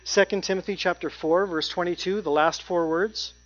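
A preacher giving a sermon, stressing key points by repeating phrases and slowing down on them. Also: medium pitch, steady tone. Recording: dry, dull lo-fi sound.

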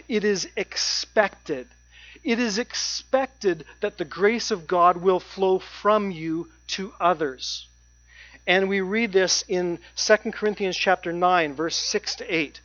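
A preacher giving a sermon, stressing key points by repeating phrases and slowing down on them. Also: medium pitch, fairly bright tone. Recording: dry, dull lo-fi sound.

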